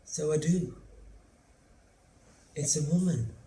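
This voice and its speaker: An actor playing a lonely, anxious middle-aged son who lives with his mother, telling his story slowly and drily in a theatre monologue. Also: fairly high pitch, mellow. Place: theatre stage. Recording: roomy theatre sound, faint hum.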